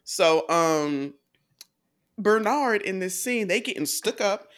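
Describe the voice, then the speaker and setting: A woman with a Southern US accent co-hosts a movie review show in loose, casual chat. She rambles and laughs easily, and her pitch swings widely as she talks. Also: animated, takes it slowly. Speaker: film review podcast co-host.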